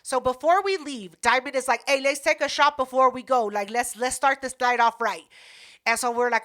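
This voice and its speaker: A woman's voice: on the high side, normal speed. A woman co-hosting a casual podcast, telling stories with lots of swearing and acting out what people said. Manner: animated storytelling, acting out quotes, swearing. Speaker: podcast co-host.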